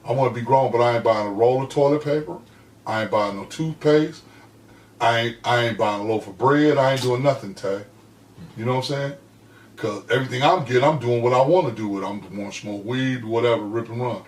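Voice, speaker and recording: A man on a podcast telling a personal story in casual chat, heartfelt and emphatic, swinging between loud and hushed. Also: mid-range voice, brisk, far from the mic, a little hiss or hum. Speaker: podcast co-host. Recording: echoey room, voice from off-mic.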